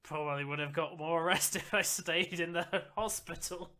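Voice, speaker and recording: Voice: mid-range voice, normal speed, sharp tone, close to an everyday voice. A game master doing a weary, caring father. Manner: weary, sighing. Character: tired wounded father, gruff and caring.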